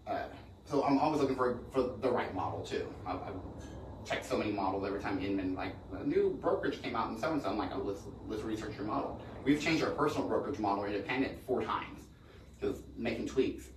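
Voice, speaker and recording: On the low side and animated, this middle-aged man from real estate speeds through meandering stories in casual podcast chat, with frequent restarts. Background noise, an echoey room and a distant mic mark the recording.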